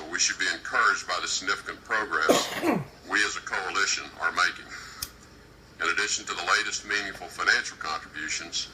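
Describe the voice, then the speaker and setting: Low, forceful man giving a formal speech. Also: a little hiss or hum, poor audio. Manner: measured, deliberate, emphatic delivery. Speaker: government official addressing a conference.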